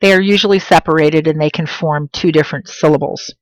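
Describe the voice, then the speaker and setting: A woman teaching a Spanish lesson in English, slowing down to pronounce example words with clear stress. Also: low voice, steady tone, no room sound, low-quality recording. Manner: slow, emphatic pronunciation of example words. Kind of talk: classroom lesson.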